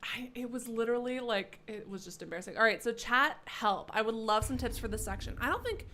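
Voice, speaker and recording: A woman's voice: a little high, brisk, sharp tone, a little hiss or hum. A young woman streaming a game live, chatty and self-mocking, swearing often as she talks to her viewers.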